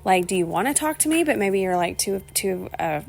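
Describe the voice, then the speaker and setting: A woman's voice: mid-range voice, expressive, fairly quick, vocal fry. Rambling, chatty woman podcaster. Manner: rambling, chatty, laughs often, swears casually. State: emotional, near tears. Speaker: podcast host. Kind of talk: rambling solo podcast monologue.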